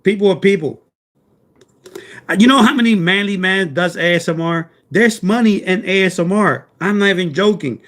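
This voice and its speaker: A man hosting a live stream, talking loudly and jokily, rambling and calling out chat members by name. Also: high-pitched, moderate pace. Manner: loud, joking, rambling, talks to chat by name.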